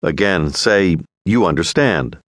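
A man narrating a scripted audio language lesson, giving prompts in a clear, measured way. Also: low voice, lively intonation, a bit bright, no echo, studio quality. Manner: clear, measured instructional delivery.

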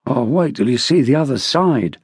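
A man's voice: medium pitch, expressive, moderate pace, a little mellow, slightly rough, no room sound, clean studio sound. A man voicing a weary, grumbling middle-aged local police officer in an audiobook.

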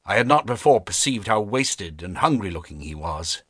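In a lowish voice, a man narrates an unabridged classic novel as a scripted audiobook, reading in a measured, expressive way. The recording is dry, close studio sound.

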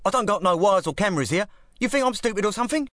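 A man voicing a small, cocky one-eyed club boss with a thick East London drawl, high and indignant. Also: expressive, rapid-fire, a bit bright, no room sound, clean studio sound.

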